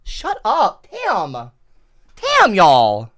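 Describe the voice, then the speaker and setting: Give me a fairly high-voiced male streamer ranting at his chat, exasperated and profane. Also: huge pitch swings, drawn-out words, fairly bright tone. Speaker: livestreamer. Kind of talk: livestream chat reaction.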